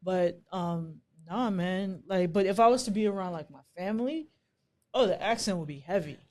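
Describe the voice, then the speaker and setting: A man's voice: high voice, moderate pace, a little mellow. A man with a Bermudian accent co-hosting a podcast in laid-back, casual chat, swearing freely. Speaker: podcast co-host.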